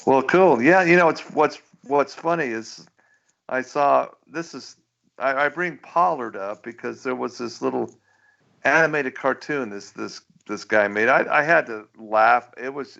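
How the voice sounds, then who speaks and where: Gravelly, stammering radio host. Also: male voice, mid-range voice, a bit bright, highs cut off. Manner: stammering restarts, chuckling. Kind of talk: casual talk radio chat.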